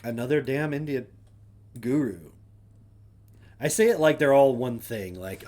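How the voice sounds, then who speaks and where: A man's voice: medium pitch, normal speed. A man hosting a casual solo stream, reading names aloud and adding wry, offhand asides. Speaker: streamer host.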